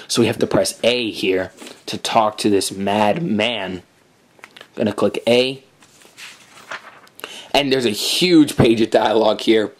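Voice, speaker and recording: A man's voice: fairly low pitch, slow pace, long pauses. A man giving casual commentary on a video game, reading the on-screen dialogue aloud as he plays. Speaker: gameplay commentator. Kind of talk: let's play commentary.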